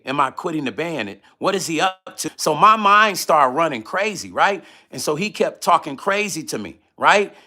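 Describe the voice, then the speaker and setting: A man casually telling a personal story on his vlog, animated and profane, acting out both sides of phone calls. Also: a little high. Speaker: musician vlogger.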